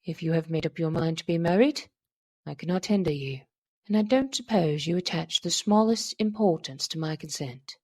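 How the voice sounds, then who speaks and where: A woman voicing a bitter, sinister dying old man who speaks slowly and menacingly in a lowered voice. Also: animated, darkish tone, dry recording, studio quality. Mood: cold. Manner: slow, low, menacing.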